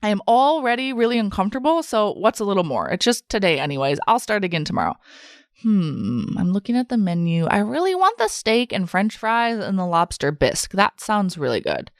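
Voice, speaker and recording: Inner voice of a stressed dieter, put on by a woman podcast host, self-critical, frets aloud, lively pitch, dry sound. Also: a little fast, no room sound. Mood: self-arguing. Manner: frets and argues with herself.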